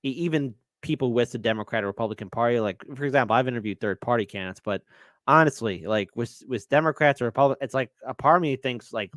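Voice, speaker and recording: A man's voice: medium pitch, fast talker, fairly bright tone, no room sound, clean studio sound. A man appearing as a guest on a political talk show, making earnest, building arguments. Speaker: guest commentator. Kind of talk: political discussion.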